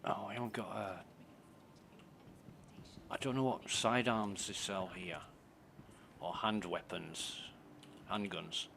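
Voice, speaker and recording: A man's voice: lowish voice, steady tone, slow pace, creaky, pauses often, bright, forceful tone, slight background noise. A man commentating casually on his gameplay, thinking aloud, muttering and swearing. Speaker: game streamer.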